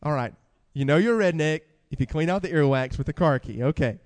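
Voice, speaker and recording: A man preaching a sermon with animated delivery, asking the congregation questions and reading scripture aloud. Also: on the high side, fairly quick, long reverb tail.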